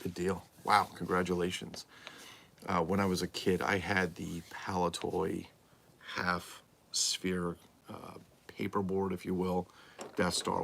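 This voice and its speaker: Low gravelly-voiced man chatting live. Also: a bit bright, slight background noise. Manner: rambling, answers viewer comments aloud. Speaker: livestream host and toy collector. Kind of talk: casual live-stream chat. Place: home room full of collectibles.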